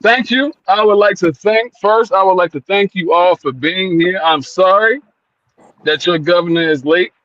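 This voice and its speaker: Pompous high-voiced man in wrestling promo. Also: moderate pace, fairly bright tone, dry recording, dull audio. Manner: pompous, calls himself "your governor" in third person, stammers and repeats words. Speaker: wrestling character at a mock media day.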